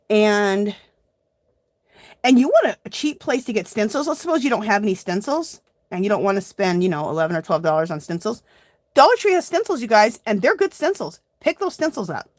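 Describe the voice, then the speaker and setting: A woman's voice: medium pitch, no room sound. A woman hosting a casual live art journaling tutorial, chatting to viewers as she works. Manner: chatty, addresses viewers as "you guys".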